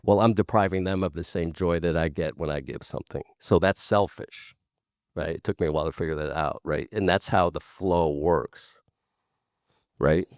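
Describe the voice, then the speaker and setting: A man's voice: low voice, normal speed, dry recording, clean studio sound. A man speaking as a guest in a candid conversation, earnest and repeating points for emphasis, with casual swearing.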